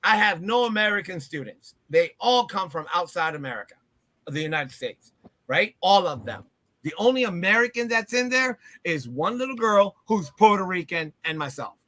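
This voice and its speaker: A teacher with a high, bright voice talks in an emphatic, casual way. He backs up the other speaker with quick agreement and presses his own points hard. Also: sing-song, no echo. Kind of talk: casual chat.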